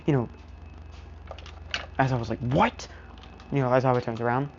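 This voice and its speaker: A man's voice: medium pitch, little pitch movement, fast, muffled recording, a little hiss or hum. A man casually narrating an improvised fan story, rambling with lots of fillers.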